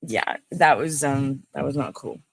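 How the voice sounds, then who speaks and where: A woman's voice: very deep voice, measured pace, gravelly, slightly rough, no room sound. A woman hosting a casual livestream, chatting in a rambling way and greeting viewers by name. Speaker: livestream host. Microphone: phone.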